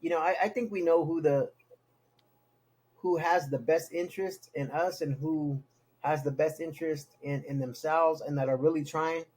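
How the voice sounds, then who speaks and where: A man's voice: on the high side, fairly even intonation, moderate pace, darkish tone, husky, rough recording. A man in casual conversation, talking in a rambling way with many restarts.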